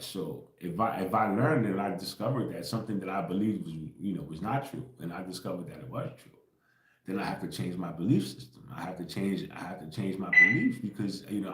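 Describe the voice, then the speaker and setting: With a fairly low voice and a roomy sound, a livestream host launches into a casual spiritual rant. He's insistent and repetitive, slangy and profane, laughing between points and asking "right?" after most of them.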